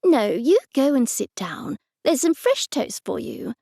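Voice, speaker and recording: A woman's voice: high-pitched, big pitch swings, unhurried, gravelly, dark tone, no echo, clean studio sound, pitched above the performer's own voice, full character voice. A woman voicing a bossy, fussing older aunt in an audiobook.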